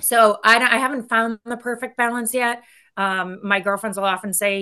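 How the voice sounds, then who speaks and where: A woman executive being interviewed, talking candidly and energetically in quick bursts that often trail off. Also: fairly high pitch, little pitch movement, sharp tone, clear, resonant tone. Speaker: guest, company executive. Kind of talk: casual interview talk.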